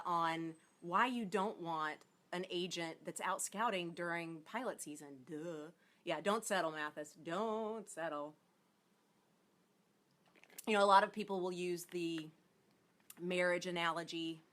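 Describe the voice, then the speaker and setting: Her voice is on the low side and a bit bright as she chats casually on a livestream. An acting coach, she's bubbly and talkative, welcoming viewers by name.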